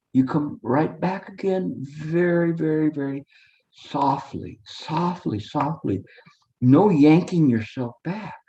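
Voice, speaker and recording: A man's voice: a little high, mellow. A male meditation teacher giving a dharma talk, earnest, repetitive and coaxing, on a dull lo-fi recording.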